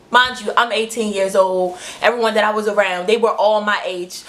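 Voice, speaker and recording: A young woman telling a storytime vlog, animated and profane, acting out quotes in high shrieks. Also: normal speed. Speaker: vlogger.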